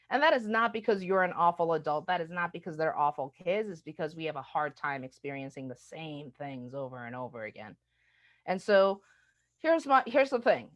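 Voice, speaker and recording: A woman from the United States giving a conversational talk as a diversity speaker, often asking "right?". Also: on the low side. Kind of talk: recorded webinar talk. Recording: muffled lo-fi webinar audio.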